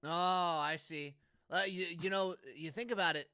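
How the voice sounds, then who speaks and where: A man's voice: fairly high pitch, moderate pace, sharp tone, clean tone, no echo, studio quality. A young man co-hosting a casual comedy podcast, rambling and stammering through restarts. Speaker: podcast co-host.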